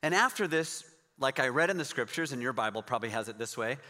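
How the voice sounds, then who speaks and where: Bright-voiced man preaching a conversational sermon. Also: mid-range voice, expressive, quick pace, in a large hall. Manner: conversational storytelling, emphatic rises. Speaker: pastor.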